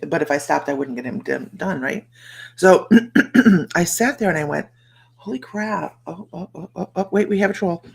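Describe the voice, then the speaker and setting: A middle-aged American woman with a low voice and a lot of fry talks casually to her livestream viewers. She rambles and greets people by name as she goes. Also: moderate pace. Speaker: psychic livestream host.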